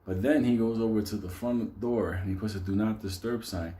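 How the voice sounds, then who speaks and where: A man telling a wild story in a casual, animated way, swearing constantly and laughing as he goes. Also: fairly low pitch, fairly quick. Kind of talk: casual profane anecdote telling.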